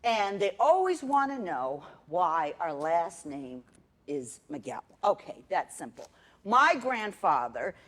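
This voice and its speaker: A middle-aged woman performing a sardonic, profane storytelling monologue on a theater stage. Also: mid-range voice. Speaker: solo performer.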